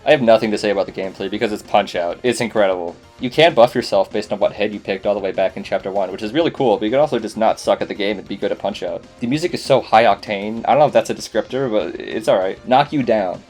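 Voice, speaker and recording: A man's voice: lowish voice, quick pace, few pauses, darkish tone, soft background music. A man narrating a casual game review voice-over, enthusiastic and swearing freely. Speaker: video essay host.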